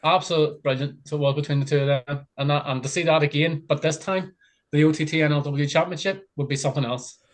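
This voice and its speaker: A man's voice: on the high side, fairly even intonation, fast talker. A man chiming in on a casual wrestling podcast, agreeable and chatty. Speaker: podcast panelist. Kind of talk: casual chat.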